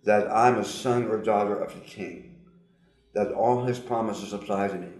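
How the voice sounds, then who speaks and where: An older man speaking earnestly as an interview guest, his words slightly altered from tongue surgery, with pauses and fillers. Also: fairly low pitch, fairly even intonation, a little mellow, reverberant. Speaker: guest, psychologist. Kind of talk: personal testimony in an interview.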